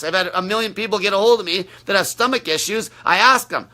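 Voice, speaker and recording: A man's voice: high voice, fast talker, few pauses, sharp tone. A man coaching on a livestream, answering viewer questions in a brash, blunt, profane way.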